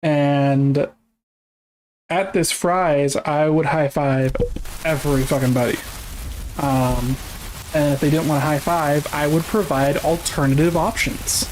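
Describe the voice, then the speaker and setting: A man's voice: on the high side, fairly even intonation, a little mellow, rough recording. Profane, rambling young man telling stories. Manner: profane storytelling, quick bursts. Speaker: streamer. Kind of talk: casual chat.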